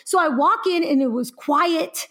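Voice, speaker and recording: A young woman co-hosting a podcast, telling a story in a lively, chatty way and laughing often. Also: sits high, a little slow. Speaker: podcast co-host. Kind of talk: casual podcast chat.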